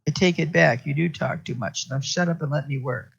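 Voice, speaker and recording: A man's voice: on the high side, brisk, gravelly, breathy edge, lo-fi sound, heavily acted. A man voicing a snappish tough female detective. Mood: sarcastic. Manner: snappish, profane banter.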